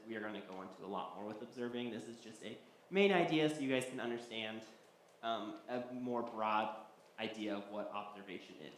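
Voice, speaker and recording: A man's voice: mid-range voice, a bit bright. A man teaching a Bible study class, talking loosely with many ums and restarts. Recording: echoey hall, faint background noise.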